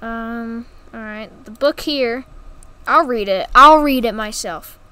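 Giggly woman gamer, high and unhurried, teasing chatter. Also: bright, forceful tone, clear, resonant tone. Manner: giggly and teasing, full of exclamations. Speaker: gaming YouTuber. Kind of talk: casual gameplay commentary.

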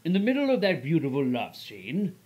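A man voicing a smooth, mocking gentleman rogue in a fan-made dub, with a posh, teasing manner. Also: on the high side, wildly swooping pitch, brisk, heavily acted. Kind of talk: fan voice acting.

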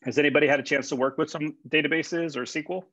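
A man's voice: a little high, fairly even intonation, fast talker, a bit bright. A man, a college instructor, giving a conversational classroom lecture with fillers and repeated words. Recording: dull, dry lecture recording.

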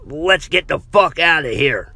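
A man voicing a panicked, defiant young man in a horror story, yelling frantically. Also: a little high, expressive, measured pace, creaky, voice pushed up, full character voice. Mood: frantic.

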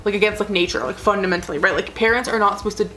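A woman's voice: mid-range voice, fairly even intonation, rapid-fire, pushed and bright. A young adult woman chatting casually as a vlogger, rambling earnestly with lots of "like" fillers. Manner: rambling, full of "like" fillers, gushing; emotional, earnest. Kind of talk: casual chat.

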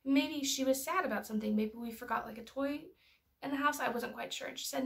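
Chatty mother teaching parents, fry-heavy, slightly high. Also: brisk. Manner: chatty, storytelling, lots of filler words. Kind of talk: casual educational talk.

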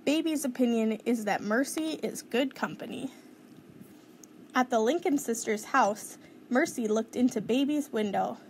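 A woman reading a children's picture book aloud in a clear, measured storytelling manner. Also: fairly high pitch, slight background noise.

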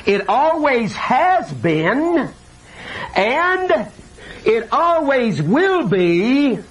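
An older man preaching a sermon with animated delivery, acting out scripture quotes and personal stories. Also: very high voice, drawn-out words. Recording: distant mic with faint hiss.

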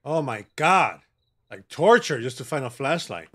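A man's voice: medium pitch, big pitch swings, a little slow, a bit bright. A man giving joking, sassy commentary while he plays a horror game, bantering with the characters on screen. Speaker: gaming channel host.

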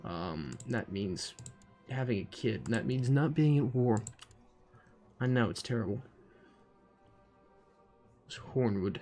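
A man's voice: mid-range voice, animated, takes it slowly, long pauses, warm tone, soft background music. A man giving casual, profane commentary while playing a strategy game, thinking aloud with dry asides. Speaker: gaming commentator. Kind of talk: casual let's-play commentary.

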